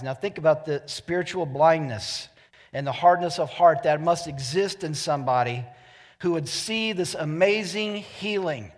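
A man preaching a sermon in a conversational way, acting out characters when he tells stories. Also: fairly high pitch. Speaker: pastor. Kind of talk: sermon with joke telling. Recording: long hall reverb.

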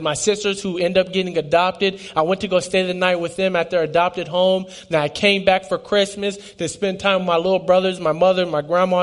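A man in his twenties giving an emotional personal testimony, earnest and stumbling over restarts. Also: sits high. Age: 20s.

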